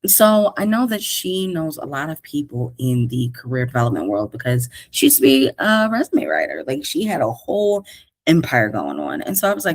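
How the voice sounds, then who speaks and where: A woman with a New York accent who hosts a podcast as a career coach, talking to listeners in a casual, slangy, animated way. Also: deep voice, moderate pace, no room sound. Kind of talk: casual solo podcast monologue.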